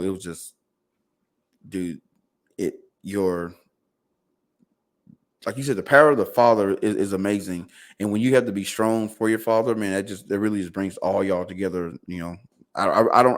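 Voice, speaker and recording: A man, a podcast guest casually telling a long personal story, full of fillers and repeated words. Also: on the low side. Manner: fillers and repeated words, quoting others in dialogue.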